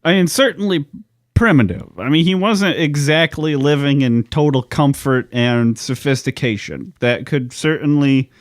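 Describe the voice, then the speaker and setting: A man's voice: on the high side, normal speed, no room sound. A man co-hosting a true-crime podcast, chatting casually with joking, profane banter. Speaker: podcast co-host. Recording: dry, close podcast recording.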